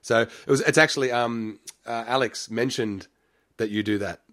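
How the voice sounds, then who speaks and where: A man's voice: mid-range voice, normal speed, fairly bright tone. A man hosting an interview show, reacting with enthusiasm. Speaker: podcast host. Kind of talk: interview conversation.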